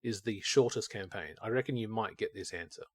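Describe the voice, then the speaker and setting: A man's voice: fairly low pitch, fairly quick, a bit bright, breathy edge, no echo. A man co-hosting a podcast, rambling casually and acting out his own thoughts as he talks. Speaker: podcast co-host. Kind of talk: casual chat.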